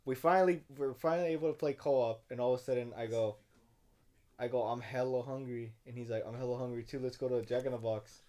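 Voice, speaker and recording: A man's voice: mid-range voice, fast. A young man telling a drunk story as a podcast co-host, rambling and profane with many restarts. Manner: rambling and profane, restarts a lot, gets loud when excited. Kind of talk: casual chat, storytelling.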